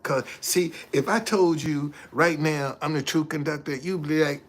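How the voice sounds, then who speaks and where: A man hosting a casual livestream, talking back to commenters in an animated, repetitive way and laughing often. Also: a little high, normal speed, few pauses. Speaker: livestream host.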